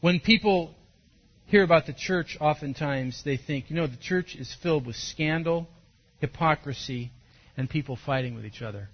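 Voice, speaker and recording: A pastor with a husky, slightly high voice preaches to his congregation. He tells his story with energy and breaks into sudden loud bursts. The recording sounds dull and lo-fi. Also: normal speed. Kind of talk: sermon. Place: church service.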